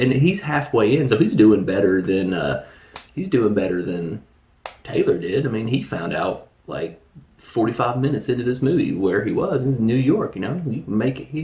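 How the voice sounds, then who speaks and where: A man's voice: medium pitch, darkish tone. Rambling joking man in an echoey room. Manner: rambling, joking, laughs at the film. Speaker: film reviewer. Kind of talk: casual movie recap.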